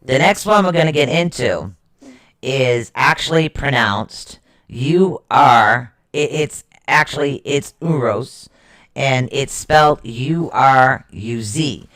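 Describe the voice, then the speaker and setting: A man's voice: medium pitch, animated, slow, bright, forceful tone. A man co-hosting a casual live stream, patiently explaining runes and checking that listeners follow. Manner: explanatory, repeats and checks understanding. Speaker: co-host teaching runes. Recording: roomy echo.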